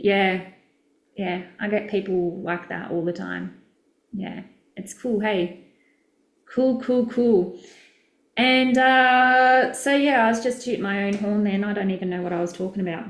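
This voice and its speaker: A woman's voice: on the high side, measured pace, reverberant. A woman, a business coach, chatting casually and effusively with viewers during a live session, rambling and correcting herself as she goes.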